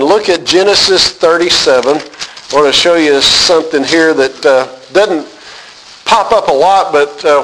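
A man teaching a Bible class, reading scripture aloud and explaining it with frequent pauses, asking his class questions. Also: a little high, a bit bright, low-quality recording. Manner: unhurried, reads scripture aloud then explains with many "uh" pauses.

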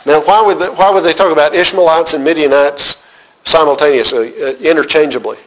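Higher-voiced man teaching a Bible class. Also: rough recording. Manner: unhurried, reads scripture aloud then explains with many "uh" pauses; asks the class questions.

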